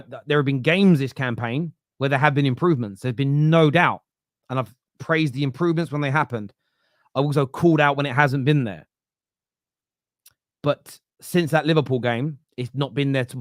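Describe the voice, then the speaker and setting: In a dry, clean studio recording, a medium-pitched man hosts a fan football podcast, speaking a little fast. Reading viewer comments in a casual live-stream style, he's blunt and opinionated, frequently leading with "uh" and restarting sentences.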